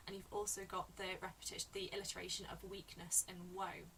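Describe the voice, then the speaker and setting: A woman teacher analysing a poem in a lesson, explaining slowly and repeating key words. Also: medium pitch, level tone, fairly bright tone, distant mic, slight background noise, poor audio. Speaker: English teacher.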